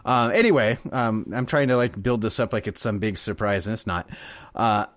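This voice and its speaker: A man's voice: fairly low pitch, moderate pace, fairly bright tone, no room sound. A man co-hosting a casual podcast, rambling and laughing often as he explains a topic. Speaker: podcast co-host. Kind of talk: casual chat.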